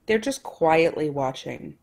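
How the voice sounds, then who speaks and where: Female game master, low-pitched, slow and casual in her narration. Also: vocal fry. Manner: relaxed, casual narration with fillers.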